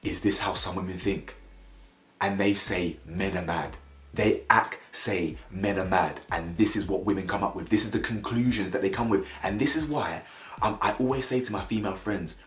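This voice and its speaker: A man's voice: on the low side, moderate pace. Ranting man in echoey room. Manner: animated, blunt, ranting with slang. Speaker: reality TV commentator. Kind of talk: opinionated reaction commentary.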